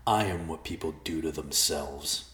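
A man reading a calm, mocking male villain messenger in a storybook, speaking slowly and deliberately in a very deep voice in a roomy space. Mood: cold mocking. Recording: roomy echo.

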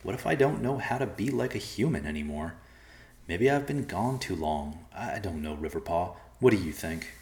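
A man's voice: sits low, animated, normal speed, a little mellow, reverberant. A man reading an unsure young man raised by bears. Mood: thoughtful.

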